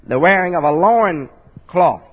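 A male preacher teaches in a folksy sermon style, spelling out words and checking in with listeners through rhetorical asides ending in "right?" His voice is on the high side, slightly rough, measured, with lively intonation, on dull lo-fi audio with long hall reverb.

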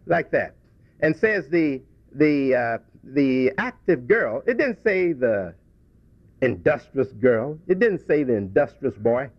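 With a high voice, a religious speaker reflects before his congregation, recounting a childhood story in folksy fashion and often beginning again. The recording is dull, dry, and lo-fi.

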